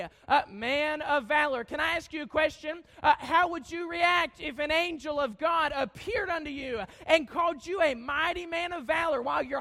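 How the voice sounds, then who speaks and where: Preacher man, high and bright, gravelly edge, fervent and often shouting. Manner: reads scripture slowly and solemnly. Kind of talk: sermon.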